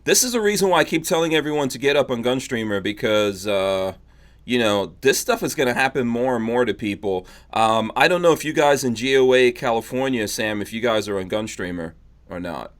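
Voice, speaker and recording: A man's voice: mid-range voice, lively intonation, fairly quick. Laughing, easygoing male podcast host. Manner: laughs often, easygoing, reads chat shout-outs. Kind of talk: casual panel chat.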